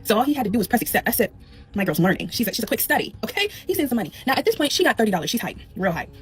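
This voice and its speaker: A mother telling a comedic story about her daughter in an animated, sassy way, acting out the voices. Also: on the high side, racing, soft background music.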